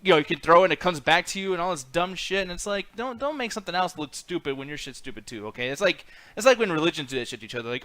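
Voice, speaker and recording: A man co-hosting a casual chat show, ranting fast and swearing freely. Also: high voice, lively intonation, bright, forceful tone, dry recording. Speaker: podcast co-host.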